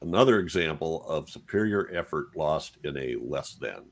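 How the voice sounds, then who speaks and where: A man with a very low voice reads listener letters on a casual podcast. His delivery is wry and unhurried. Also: animated. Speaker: podcast co-host reading listener feedback.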